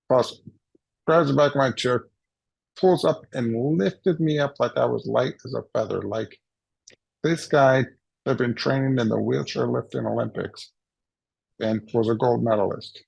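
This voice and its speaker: A man's voice: medium pitch, measured pace, vocal fry, long pauses, a little mellow, breathy edge, no echo, muffled recording. A man telling a funny personal story at a summit, playfully acting out the voices he quotes. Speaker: summit speaker. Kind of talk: humorous personal storytelling talk. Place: recorded for a virtual summit.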